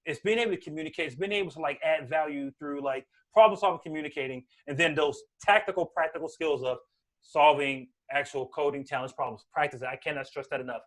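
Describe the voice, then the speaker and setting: A man giving casual career advice at an online meetup, talking fast and animated, peppering his talk with "like" and "right?", speaking from a room at home over a video call. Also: a little high. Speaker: guest speaker, Angular developer.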